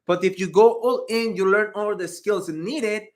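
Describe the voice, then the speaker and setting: A man in his thirties, an IT career coach, chatting casually on a livestream and answering viewer questions with animated, slangy talk. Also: high-pitched, a little slow.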